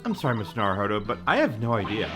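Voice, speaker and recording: A player reading a game's composed young female legal assistant, polite and measured. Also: medium pitch, big pitch swings, over music, voice pushed down, close to an everyday voice.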